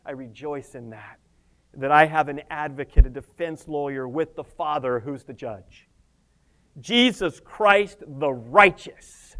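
A man preaching a sermon with passion, swinging between loud emphasis and hushed tones, with casual humorous asides. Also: sits high, clean tone.

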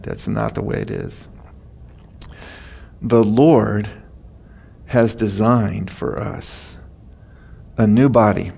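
A man's voice: mid-range voice, expressive, slow pace, vocal fry, long pauses, husky. An older man preaching a sermon, telling stories in a folksy, chatty way. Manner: folksy storytelling, laughing at his own stories. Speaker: pastor.

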